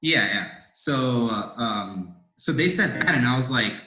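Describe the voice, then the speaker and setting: Bright-voiced young man rambling his story. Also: medium pitch, animated, a little slow. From India. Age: 20s. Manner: rambling, many fillers and restarts, swears casually. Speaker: podcast guest, door-to-door salesman. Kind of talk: casual interview storytelling. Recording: roomy echo.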